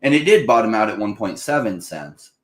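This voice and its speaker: Deep-voiced man in a roomy space. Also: brisk. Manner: animated, acts out panicked buyers in a higher voice. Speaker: crypto channel host. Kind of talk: casual investing talk. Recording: roomy echo.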